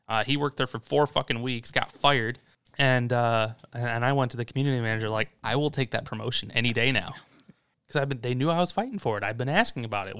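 A young man with a smooth, clean voice, recorded dry and close. He co-hosts a casual podcast chat and vents heatedly, cursing freely. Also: medium pitch, a bit bright, no echo. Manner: heated, swearing often, venting. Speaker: podcast co-host.

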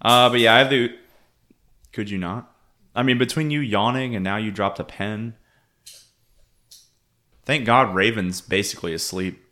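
A man's voice: lowish voice, normal speed, pauses often, bright, forceful tone. A man co-hosting a wrestling podcast, talking casually and opinionated, swearing now and then. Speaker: podcast co-host.

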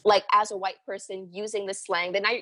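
A young woman from the Bahamas co-hosting a podcast, chatting in an animated way and saying "like" and "literally" a lot. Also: medium pitch, brisk. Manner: animated, says "like" and "literally" often. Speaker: podcast co-host. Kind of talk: casual chat.

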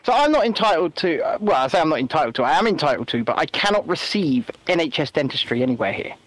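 A man chatting casually as a podcast co-host, animated and given to mocking voices. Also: a little high, fast talker, no room sound. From England. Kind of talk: casual political chat.

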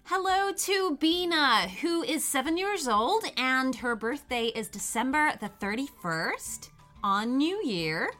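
A woman's voice: high-pitched, lively intonation, takes it slowly, sharp tone, faint music behind. A woman hosting a children's podcast, cheerfully reading a story aloud to young listeners.

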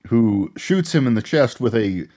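A man co-hosting a casual movie podcast, rambling through the plot with laughs and quick character impressions. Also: medium pitch, expressive, mellow. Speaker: podcast co-host. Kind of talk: casual movie recap chat.

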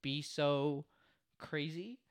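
A man's voice: fairly high pitch, drawn-out words, slight background noise. A young man co-hosting a podcast in casual chat, rambling and jokey, with lots of "like" fillers. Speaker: podcast co-host.

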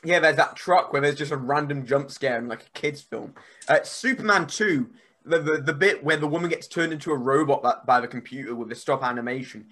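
A man, a podcast guest, telling stories in a rambling, animated way. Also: fairly high pitch, a little fast. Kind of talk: casual podcast chat.

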